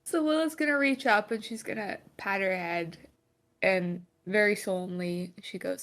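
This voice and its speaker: A woman playing a tabletop game, describing her character's actions in a gentle, solemn way. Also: medium pitch, moderate pace. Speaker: player. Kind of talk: tabletop role-play narration.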